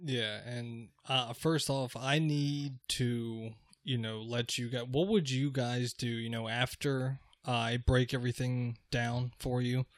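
A man co-hosting a podcast, telling a crude story in a rambling, profane way with many halting restarts. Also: mid-range voice, fairly even intonation, no room sound. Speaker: podcast co-host. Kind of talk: casual chat.

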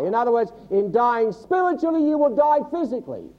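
A man's voice: high voice, lively intonation, quick pace, dull audio. A male pastor preaching a sermon to a congregation, teaching from the Bible and quizzing the listeners with humorous asides. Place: church service before a congregation.

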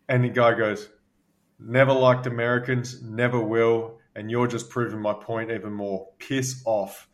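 An Australian man from Western Australia, a former basketball player co-hosting a podcast, telling stories in a relaxed, chatty way with plenty of fillers. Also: mid-range voice. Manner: relaxed anecdotal, frequent fillers. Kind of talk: casual storytelling chat.

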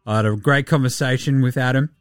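A man's voice: medium pitch, steady tone, fast talker, dry recording, clean studio sound, soft background music, voice pushed down, natural voice. A man putting on a mock-solemn, droning parody of an athlete giving a contrived apology.

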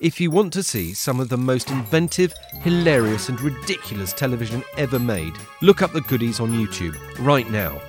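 Man, announcer, credits read, music bed, lively delivery. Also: mid-range voice, fairly quick, hardly any pauses. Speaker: show announcer.

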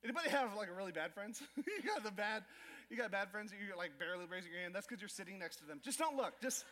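A man preaching a sermon from the pulpit, his voice sitting unusually high. He tells stories by acting out little scenes and tosses jokes at the congregation. The sound rings with the long reverb of a large church hall. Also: fast, a little hiss or hum. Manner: animated storytelling with acted asides to the crowd. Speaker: pastor. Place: church auditorium.

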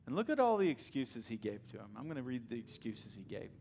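A male pastor preaching a sermon, retelling the story in an animated, conversational way. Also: mid-range voice, brisk, creaky, hardly any pauses, breathy edge.

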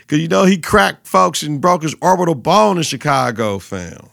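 A man with a slightly high, gravelly voice hosts a sports podcast, cursing freely and talking in animated bursts. He keeps repeating himself for emphasis. The sound is close and dry, with no room echo. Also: normal speed, few pauses. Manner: profane, animated, repetitive trash talk. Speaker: podcast host. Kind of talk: casual sports talk.

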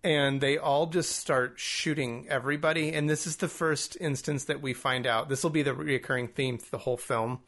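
A man with a gravelly, creaky voice talks through a film in a loose podcast chat. He breaks into laughter often, amused by what he recounts. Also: mid-range voice, fairly even intonation, normal speed, hardly any pauses, fairly bright tone. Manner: laughs often, chuckling through his recap. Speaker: podcast co-host. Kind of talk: casual movie review chat.

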